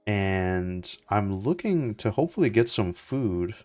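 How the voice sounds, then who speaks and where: A young man talks his way through a game in a relaxed, rambling way, full of fillers and restarts. His voice sits low. Faint music plays behind him. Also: measured pace. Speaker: gaming streamer. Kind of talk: casual gameplay commentary.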